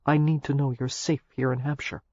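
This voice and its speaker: Troubled young man voiced by the narrator, hoarse, quiet, slightly lowered voice, dry dull audio. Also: flat delivery, a little fast, no room sound, lightly acted. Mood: subdued. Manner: quiet and subdued. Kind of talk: audiobook character reading.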